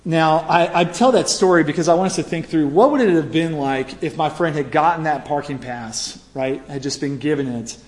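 A man's voice: on the high side, moderate pace, hardly any pauses. A man preaching a conversational sermon, telling a story with lots of "right?" asides and fillers. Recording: reverberant hall.

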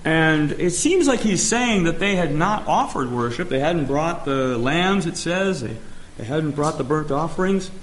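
A man preaching a sermon, speaking emphatically and pausing often as he reads scripture. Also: a little high, animated, a little hiss or hum. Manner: slow, emphatic preaching with pauses and restarts. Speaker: pastor. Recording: echoey room.

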